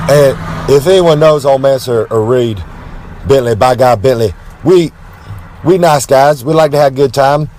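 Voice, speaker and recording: A brash man with a drawl spins a rambling comic tale. He swaggers through it with boastful asides and drawn-out dramatic pauses, talking about himself in the third person. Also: medium pitch, darkish tone, slight background noise. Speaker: wrestler telling a story. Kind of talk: rambling comic storytelling monologue.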